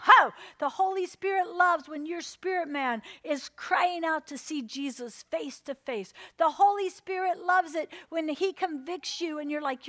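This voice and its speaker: A woman's voice: high-pitched, normal speed, few pauses, a bit bright, dry recording, studio quality. A woman preaching a sermon, telling stories and acting out her own inner voices, checking in with "amen?" as she goes.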